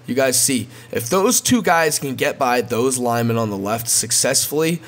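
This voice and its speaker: A man's voice: mid-range voice, animated, normal speed. A man casually walking viewers through a video game strategy, often repeating himself and calling them guys. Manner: repetitive, addresses viewers as guys. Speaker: gaming video creator. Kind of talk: casual gameplay tutorial.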